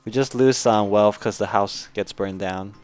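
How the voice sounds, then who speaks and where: A man's voice: fairly low pitch, a little slow, a little mellow, clean tone, faint music behind. A man streaming a story game, reading its text aloud and reacting casually. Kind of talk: let's play reading and commentary.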